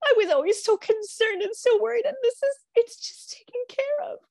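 A woman's voice: very high voice, lively intonation, fairly quick, a little mellow, dry recording, pitched above the performer's own voice. A woman acting out an overjoyed friend who is hearing great news, gasping and repeating her exclamations. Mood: ecstatic. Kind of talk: acted demonstration.

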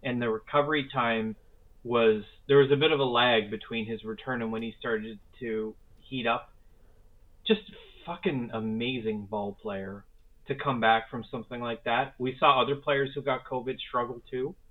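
A man's voice: medium pitch, steady tone, normal speed. A man co-hosting a casual sports podcast, talking in an enthusiastic, rambling way with casual swearing. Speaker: podcast co-host. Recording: phone-like narrow sound.

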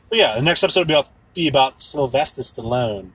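Profane, ranting, animated man podcaster. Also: on the high side, fairly quick, few pauses, breathy edge, poor audio. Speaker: podcast host. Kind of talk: casual solo podcast rant.

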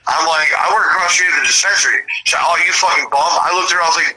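A man's voice: on the high side, racing, breathy edge, rough recording. A young man from the Seattle area telling rambling, profanity-laced stories in casual chat. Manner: profane, rambling, animated storyteller.

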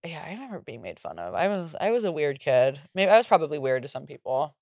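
A woman co-hosting a podcast, chatting casually in a candid, profane way with a low voice. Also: very animated, a little mellow, dry recording, studio quality. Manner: candid, profane, quick to laugh. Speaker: podcast co-host. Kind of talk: casual chat.

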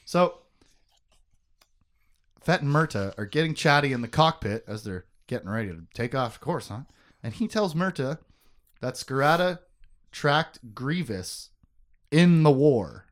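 A man hosting a casual book-discussion podcast, recapping the story with jokes and quick asides. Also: medium pitch. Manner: animated, joking, quick asides. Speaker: podcast host.

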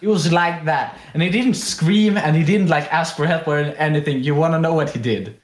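A man's voice: on the high side, normal speed. A young man from Sweden co-hosting a casual podcast, telling rambling stories with lots of laughter. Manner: rambling, animated, laughs often. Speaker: podcast co-host. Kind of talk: casual chat, storytelling. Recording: echoey room.

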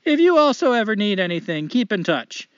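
A folksy, upbeat drifter woman with a light Canadian lilt, as a man puts her on while reading a letter. The voice sits higher than his usual talk and is bright with cheer. The audio is a touch muffled. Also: very animated, fairly quick, dry recording. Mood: cheery. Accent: light put-on Canadian. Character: adventurous female drifter writing in, folksy and upbeat.

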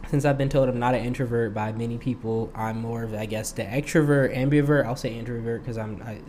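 A man's voice: medium pitch, fairly even intonation, a little fast, a little mellow, a little hiss or hum. A young man hosting his own podcast, talking casually in a rambling way and laughing often. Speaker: podcast host. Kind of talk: casual solo podcast monologue.

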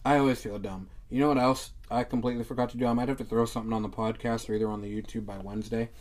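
A man's voice: medium pitch, steady tone, a little mellow. A man hosting a podcast, joking around and plugging friends with profane, hyped chatter. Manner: profane, joking, hyped, fast run-on plugs. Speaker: podcast host. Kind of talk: casual podcast banter.

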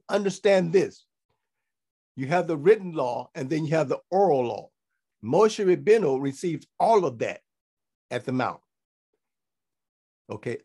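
A man with a somewhat high voice delivers a sermon. He reads scripture aloud and then explains it in plain teaching talk. He often restarts his phrases and checks in with his listeners. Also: a little mellow. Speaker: teacher of a congregation.

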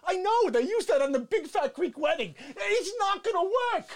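A woman voicing a brash, egotistical mustached male show host in a comedic sketch, talking loud and mock-threatening. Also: very high-pitched, big pitch swings, normal speed. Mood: bossy.

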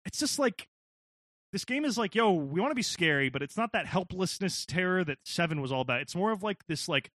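A man with a high, bright voice talks in a casual gaming chat. He is animated and swears often, and his pitch jumps all over. The sound is dry and close. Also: fairly quick, no room sound.

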